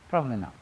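A man preaching a sermon, telling the story dramatically and swinging between loud exclamations and quiet asides. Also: on the high side, breathy edge, dull audio.

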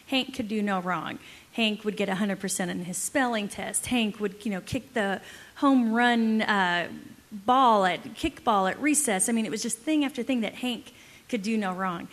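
A woman's voice: medium pitch, normal speed. A woman co-presenting at a marriage event, telling a family story in a wry, conversational way. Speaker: marriage conference co-speaker. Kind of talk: storytelling talk to a live audience.

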